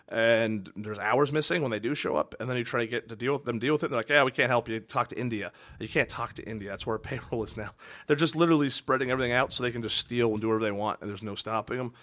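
A man's voice: on the low side, a bit bright. A man hosting a podcast, ranting in a rambling, exasperated way with lots of restarts. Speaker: podcast host. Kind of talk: casual monologue.

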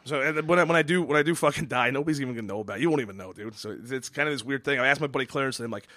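Fast-talking, profane male podcast host. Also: mid-range voice, bright, forceful tone, no room sound, studio quality. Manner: rambling, profane, stammering restarts. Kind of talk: casual podcast chat.

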